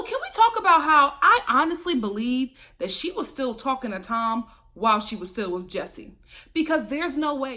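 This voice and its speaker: A woman's voice: fairly high pitch, fairly bright tone. A woman giving casual, gossipy commentary on a reality show, sassy and emphatic, laughing often. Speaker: reality TV recap vlogger.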